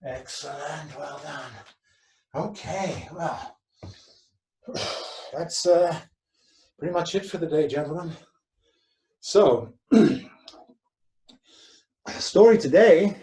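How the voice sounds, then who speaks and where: Calm male fitness instructor in a roomy hall. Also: on the high side. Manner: calm, rhythmic counting cues. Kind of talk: guiding an exercise class, then telling a joke. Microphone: distant from the speaker. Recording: roomy echo, far from the mic.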